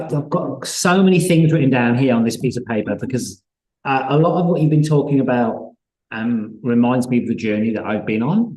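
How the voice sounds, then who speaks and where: A male interviewer with a warm, relaxed tone leads a live online chat. He talks in a halting way, with many restarts and fillers before each question lands. The recording has a noticeable roomy echo. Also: mid-range voice. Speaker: host.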